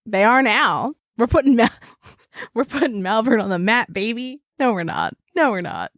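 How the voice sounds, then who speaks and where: A woman's voice: on the high side, very animated, moderate pace, no room sound, studio quality. Giggly, sweary woman podcast co-host. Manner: giggly, sweary, rambling banter. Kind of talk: casual chat. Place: home desk. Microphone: desk mic on stand.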